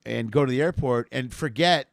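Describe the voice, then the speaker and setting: A man's voice: medium pitch, normal speed, gravelly, no room sound, studio quality. A man hosting a casual comedy chat, telling stories with lots of quoted voices. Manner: storytelling, animated quoted voices, laughing. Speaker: comedy show host.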